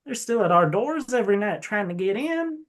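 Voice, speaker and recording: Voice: mid-range voice, big pitch swings, normal speed, a bit bright, pitched above the performer's own voice. A game master voicing a nervous, overwhelmed male cleric who stammers and drawls in a put-on accent. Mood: anxious. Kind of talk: tabletop game role-play.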